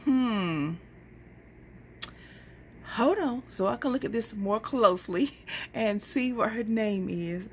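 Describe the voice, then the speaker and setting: A woman's voice: a little high, lively intonation, slow, long pauses. Woman vlogger, casual and chatty, faint hiss behind. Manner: chatty, warm, laughs often, addresses viewers as y'all. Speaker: couponing vlogger. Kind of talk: casual chat to viewers.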